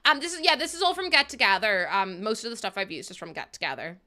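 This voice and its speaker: Girl rambling to her stream chat, bright sharp voice, laughs a lot. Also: mid-range voice, expressive, fast talker. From Ireland. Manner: rambling, chatty, laughs often, talks to chat. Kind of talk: casual livestream chat while playing.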